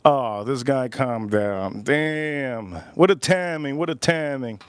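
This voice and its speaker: A man's voice: medium pitch, slow, hardly any pauses, clear, resonant tone. A man hosting a casual cooking livestream outdoors at a grill. He jokes loosely and reads viewer messages aloud. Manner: loose, joking, talks to chat and reads super chats aloud. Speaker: livestream host.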